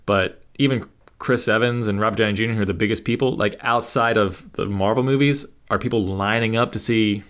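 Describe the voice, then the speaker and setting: A man's voice: lowish voice, steady tone, a little fast, fairly bright tone. A man co-hosting a podcast, talking in an opinionated, rambling casual chat. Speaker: podcast co-host.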